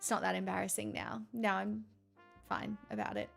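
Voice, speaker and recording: A woman streaming and chatting with her viewers in a loose, rambling way, with frequent laughs and the odd curse. Her voice has a gravelly, fry-heavy edge and sits in a mid register. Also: mid-range voice, fairly even intonation, normal speed, soft background music. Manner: candid and rambling, swears, laughs often. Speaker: live streamer reading chat. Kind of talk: casual chat.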